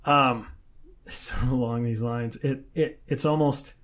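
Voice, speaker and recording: A man's voice: mid-range voice, slow. A man in casual conversation, animatedly retelling a video and acting out the people in it. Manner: animated storyteller, acts out quotes with laughter. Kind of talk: casual podcast chat.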